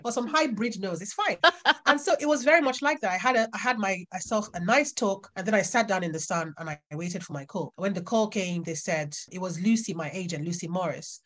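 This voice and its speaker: A woman in her thirties, an author guest on a podcast, telling a story with lively acted-out voices and frequent laughter. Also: medium pitch, brisk. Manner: animated, acts out quoted voices, laughs often.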